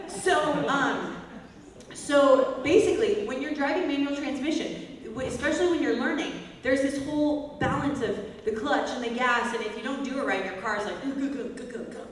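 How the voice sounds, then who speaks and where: A woman leading a vocal master class, explaining technique in a chatty, informal way and breaking into short sung examples. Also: sits high. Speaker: vocal coach. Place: large hall, heard from a distance. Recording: echoey hall recording from far off.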